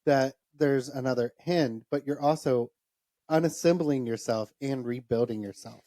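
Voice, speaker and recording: A woman with a very low, mellow voice talks through ideas on a podcast, offering gentle encouragement as she works out what things mean. The sound is close and dry, with no room echo. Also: moderate pace. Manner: reflective, interprets dreams, gives encouragement. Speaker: podcast co-host. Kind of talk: casual podcast chat.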